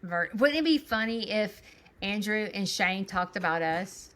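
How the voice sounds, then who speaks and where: A woman, co-hosting a podcast over a video call, animated and rambling, laughing often. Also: medium pitch, measured pace. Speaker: podcast co-host. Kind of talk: casual chat.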